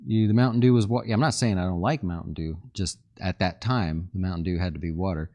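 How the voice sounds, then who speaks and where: Chatty man with a lowish voice. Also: fast talker, a little mellow, highs cut off. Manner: chatty, joking, thinks aloud over charts. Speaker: fund manager hosting a market livestream. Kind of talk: casual live market commentary reading viewer chat.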